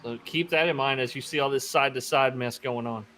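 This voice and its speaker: A man's voice: medium pitch, fairly even intonation, fairly quick, bright, forceful tone, soft background music. A man doing casual color commentary on a sim race, pointing out lane changes and close calls in an upbeat way.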